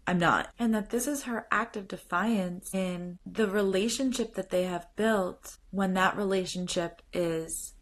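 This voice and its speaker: A woman's voice: medium pitch, measured pace, few pauses. A woman hosting a podcast, talking casually and animatedly, retelling scenes with quoted lines and frequent "like" fillers. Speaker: podcast host. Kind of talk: casual solo commentary.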